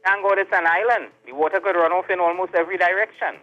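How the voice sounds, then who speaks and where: A man's voice: high voice, steady tone, fast, faint music behind. A man calling in to a radio show, explaining his point steadily. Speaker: radio call-in caller. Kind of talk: phoned-in explanation. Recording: muffled phone line.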